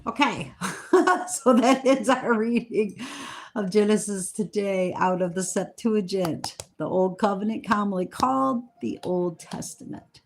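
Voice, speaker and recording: Slow, earnest woman reading scripture. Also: mid-range voice. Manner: slow, earnest, stumbles over hard names; excited asides about the text. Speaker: Bible reader. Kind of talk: reading scripture aloud with brief comments.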